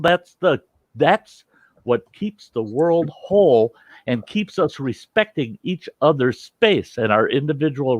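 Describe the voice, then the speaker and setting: A man's voice: fairly high pitch, no echo, highs cut off. A man from the United States hosting a talk show, arguing insistently and repeating his points. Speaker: host. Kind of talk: heated casual debate.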